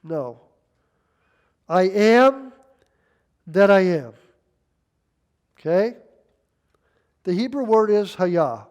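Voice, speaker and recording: Older man in his 60s, pastor, high-pitched voice, emphatic folksy sermon delivery. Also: big pitch swings, drawn-out words, long pauses, darkish tone, clean tone. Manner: emphatic, folksy, reads scripture aloud.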